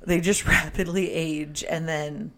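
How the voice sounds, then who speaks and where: A woman with a notably low voice co-hosts a relaxed film chat. She is animated, laughs easily and jumps in over her co-host. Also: a little slow. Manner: animated, laughs often, cuts in. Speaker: podcast co-host. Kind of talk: casual movie review chat.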